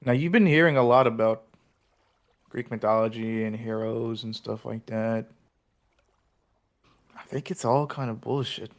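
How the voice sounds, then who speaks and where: Guy doing a laid-back camp dude, blunt and casual, swears a lot, medium pitch. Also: unhurried, pauses often, close to an everyday voice. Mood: dismissive.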